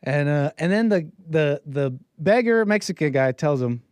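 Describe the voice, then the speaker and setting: A man's voice: fairly high pitch, expressive, moderate pace, few pauses, darkish tone, clean tone, dry recording. A young man hosting a livestream, telling a casual, rambling story in a wry way and slipping into voices when he quotes people. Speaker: livestream host.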